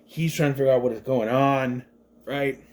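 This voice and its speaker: A man's voice: medium pitch, normal speed. A man giving a casual, chatty movie review, rambling with many fillers and restarts and acting out the characters' lines. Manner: animated, acts out the characters' lines.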